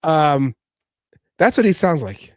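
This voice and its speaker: A man hosting a casual sports talk show, animated and stammering as he repeats words. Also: a little high, takes it slowly, no echo. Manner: mimics others in quoted voices. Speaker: podcast host.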